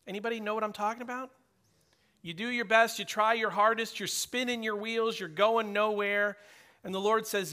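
A man's voice: high-pitched, fairly even intonation, normal speed, pushed and bright. A middle-aged man preaching a sermon in a conversational way, acting out prayers and dialogue as he speaks. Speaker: pastor.

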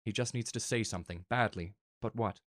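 A man earnestly reading a fan story aloud in a soft, emotional way. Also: fairly low pitch, a little fast, dry recording, studio quality. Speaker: narrator.

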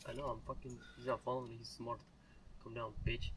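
A man's voice: medium pitch, completely flat delivery, fast, fairly bright tone. A young man chiming in with offhand remarks in casual chat. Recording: distant from the mic with faint noise.

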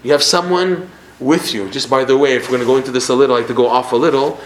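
A man gives a Torah class in a lively, teacherly way. He restarts phrases and acts out little examples. His voice sits in a roomy space with a faint hum of ambience behind it. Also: medium pitch, racing. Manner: animated, acts out examples, repeats himself.

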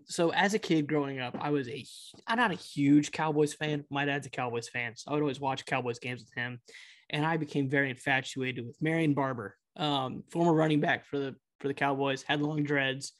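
A man's voice: mid-range voice, fairly even intonation, normal speed. A young man co-hosting a casual podcast, telling stories in an earnest, heartfelt way. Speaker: podcast co-host. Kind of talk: casual chat.

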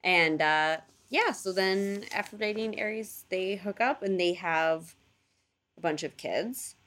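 A woman telling a story in casual chat, animated, full of fillers and casual swearing, acting out voices for the people in it. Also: medium pitch, slow. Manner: animated storyteller, acts out quoted gods in playful voices.

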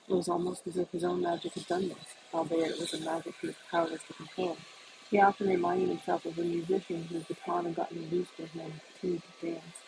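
A reader narrating a literary novel in a measured, deliberate way, with occasional restarts. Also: medium pitch, creaky. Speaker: audiobook reader. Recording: noisy recording.

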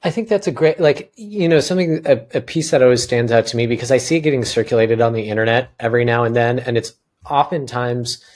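A man's voice: medium pitch, quick pace, a little mellow. A man hosting a podcast. He talks earnestly and casually, with many restarts and fillers. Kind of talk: casual conversation.

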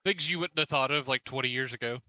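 Chatty male co-host, very bright tone, dry sound, stammers a bit. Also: mid-range voice, quick pace, no room sound, low-quality recording. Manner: laughs easily, stammers. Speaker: podcast co-host. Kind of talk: casual chat.

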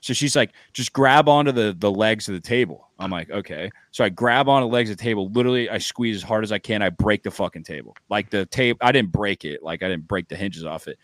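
A man telling a story in casual, profane, animated chat on a podcast. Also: on the low side, fast, hardly any pauses, no echo. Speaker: podcast host.

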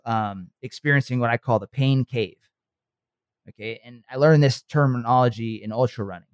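A man's voice: mid-range voice, no room sound. Earnest man coaching in a dry close voice. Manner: earnest, coaching, checks in with frequent "okay" and "right". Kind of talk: motivational podcast talk.

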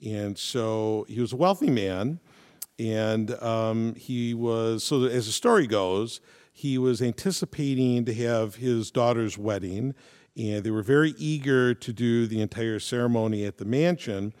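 A man's voice: mid-range voice, measured pace, darkish tone, clear, resonant tone. A man, co-hosting a casual chat and telling a story with jokes along the way. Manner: chatty, joking storyteller. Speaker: podcast co-host.

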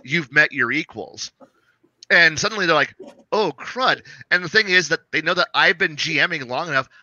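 A man co-hosting a casual chat about running tabletop games, talking in an animated way, swearing and acting out what players say. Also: a little high, no echo. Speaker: game master, podcast co-host. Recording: dull, lo-fi and dry.

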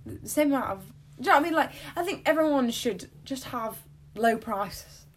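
A woman's voice: sits high, expressive, normal speed, a little hiss or hum. A young woman with a Yorkshire accent, co-hosting a casual chat and often asking "do you know what I mean?". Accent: Yorkshire English. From Yorkshire, England. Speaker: podcast co-host.

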